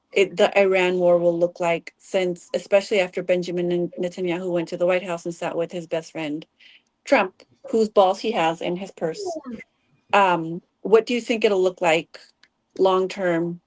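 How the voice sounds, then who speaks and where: A woman's voice: on the low side, a little mellow, no echo. A woman hosting a panel discussion, talking conversationally with frequent hesitations. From United States. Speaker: panel host.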